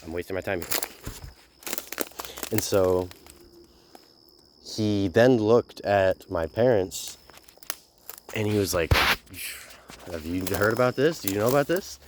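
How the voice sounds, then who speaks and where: A young man tells a personal story in a loose, rambling vlog style, swearing casually and leaning on fillers. His voice sits a little low. A faint hiss runs under the recording. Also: slow, pauses often. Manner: rambling, laid-back, lots of fillers and swearing. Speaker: vlogger.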